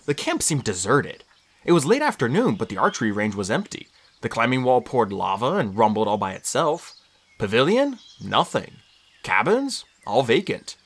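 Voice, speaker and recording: An audiobook reader narrating a story in first person with lively, expressive storytelling. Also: mid-range voice, husky.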